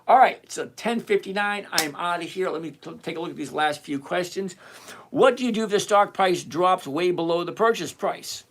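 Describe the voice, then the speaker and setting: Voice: medium pitch, normal speed, slight background noise. Live trading stream host, talks straight to chat, repeats stuff a lot to drive it home. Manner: animated, repetitive, chatty and direct. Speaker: livestream host teaching options trading. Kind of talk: live stream, reading out and answering chat questions.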